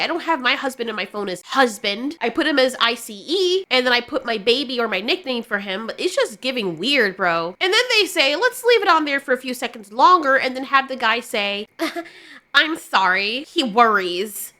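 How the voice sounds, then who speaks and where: A woman's voice: sits high, pushed and bright. A young woman giving sarcastic, exasperated reaction commentary on a TV episode. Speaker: video reviewer.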